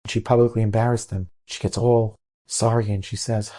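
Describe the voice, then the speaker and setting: A man's voice: lowish voice, little pitch movement, normal speed, warm tone. A man, a rabbi telling a moral story in an earnest sermon style, sprinkling in Hebrew words.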